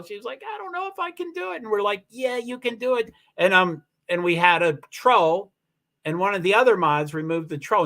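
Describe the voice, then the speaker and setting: A man's voice: on the high side, sharp tone. A man hosting a casual livestream, chatting in a rambling way with many fillers and restarts. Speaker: livestream host.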